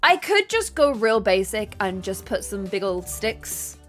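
A young woman streaming a building game, chatting casually and excitedly thanking her viewers. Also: medium pitch, measured pace. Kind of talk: casual gameplay livestream chat. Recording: faint music behind.

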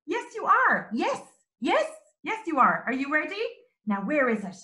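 Irish early-years teacher, bright and slow, coaxing toddlers. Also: female voice, sits high. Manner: sing-song, animated, coaxing. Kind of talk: children's lesson with songs and signs. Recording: echoey room.

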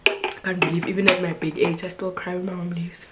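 A young woman vlogger talks straight to her camera in a loose, expressive chat, speaking fast. Her voice sits a little low for a woman, and she keeps things lively with laughs and fillers. Heavy background noise runs through the clip.

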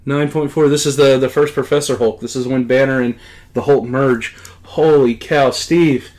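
In this casual unboxing, a middle-aged comic collector talks a lot at a medium pitch and ordinary pace. Excited thank-yous keep spilling out of him.

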